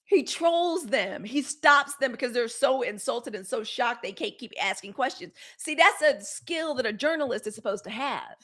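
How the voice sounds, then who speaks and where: A middle-aged woman hosting a live news commentary show, blunt and animated, swearing and answering viewer comments from the chat. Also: fairly high pitch, normal speed, hardly any pauses.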